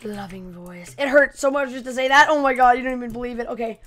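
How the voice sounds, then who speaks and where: A woman doing excitable, chatty gameplay commentary with playful trash talk. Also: on the high side, fast talker. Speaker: gaming channel host.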